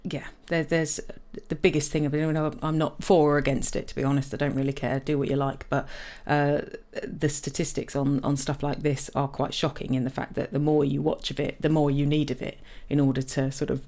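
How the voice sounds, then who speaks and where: A woman's voice: sits low, level tone, a little fast, few pauses, a little mellow. A woman co-hosting a casual chat, telling stories with lots of fillers and restarts. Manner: chatty storyteller, frequent fillers and restarts.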